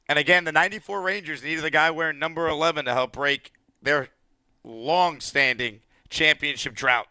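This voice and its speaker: A man hosting a late-night sports call-in radio show, talking in an excited, emphatic way. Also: fairly high pitch, dry recording. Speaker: radio sports talk host. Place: radio studio.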